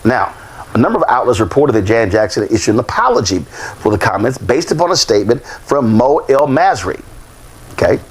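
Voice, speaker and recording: A man's voice: mid-range voice, brisk, husky. A man hosting a talk show, reading out news reports and then telling a behind-the-scenes story. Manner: lively delivery with many uh fillers and restarts.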